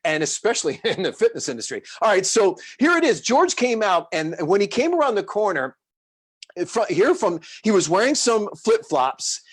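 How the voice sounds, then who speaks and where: A middle-aged man telling a story as a motivational speaker, animated and acting out voices. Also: high-pitched, moderate pace, husky. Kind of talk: storytelling talk.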